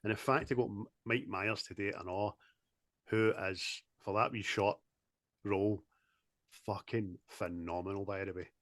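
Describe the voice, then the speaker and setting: A man in casual, sweary film chat, animated and quick to laugh, talking over a video call. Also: on the low side, no room sound, studio quality. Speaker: podcast co-host.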